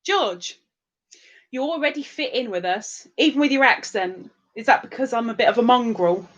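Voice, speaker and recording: A woman's voice: a little high, expressive, moderate pace, dull audio. An English woman hosting a live stream, chatting casually and rambling with restarts as she reads out viewer comments. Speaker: livestream host.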